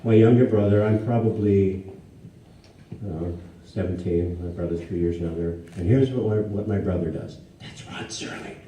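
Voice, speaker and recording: A low, mellow-voiced man in his sixties spins anecdotes for a live crowd, jumping into animated voices for each character he quotes. He sits far from the microphone in a big, echoey hall with a faint murmur behind him. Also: moderate pace, slight background noise. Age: 60s. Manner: animated, acts out quoted dialogue in raised voices. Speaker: guest speaker before an audience. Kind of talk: anecdotal storytelling to a live audience. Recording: echoey hall, distant mic, faint ambience.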